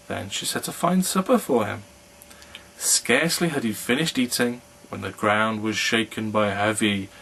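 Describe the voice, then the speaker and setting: Slow gravelly-voiced male storyteller. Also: fairly low pitch, sharp tone, slight background noise, poor audio. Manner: slow, measured storybook reading. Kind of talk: fairy tale read-aloud.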